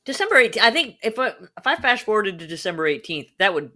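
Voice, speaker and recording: A woman co-hosting a show who reads listener shout-outs in casual chat, playful and quick to laugh. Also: medium pitch, sing-song. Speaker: podcast co-host reading listener messages.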